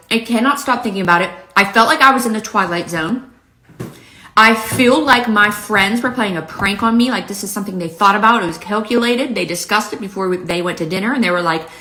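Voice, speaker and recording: A woman's voice: medium pitch, brisk, pushed and bright, reverberant. A woman from Pittsburgh with a slight Southern touch to her accent, telling a comic story to camera in a casual, exasperated way. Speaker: lifestyle vlogger.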